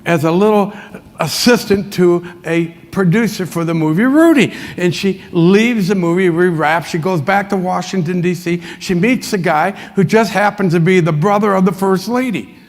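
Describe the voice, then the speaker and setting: Gravelly high-voiced man telling folksy stories. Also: normal speed. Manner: folksy anecdotes with frequent chuckles. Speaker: motivational speaker. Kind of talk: motivational keynote storytelling. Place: large conference hall. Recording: long hall reverb.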